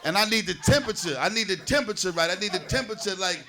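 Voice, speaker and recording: A man's voice: high-pitched, expressive, rapid-fire, background noise. A man in his forties from New Jersey doing a loose, conversational stand-up set, riffing with the audience on a comedy stage. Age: 40s.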